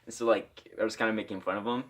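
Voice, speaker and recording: A man's voice: on the low side, fairly even intonation, quick pace, a bit bright. Rambling young guy telling a story. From Iowa. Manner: rambling, with lots of "like" fillers. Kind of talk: casual story time.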